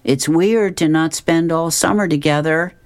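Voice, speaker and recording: A man's voice: fairly high pitch, measured pace, clean tone, dry recording, clean studio sound, voice pushed up. A man voicing a bubbly, gushing teenage girl from a comic strip.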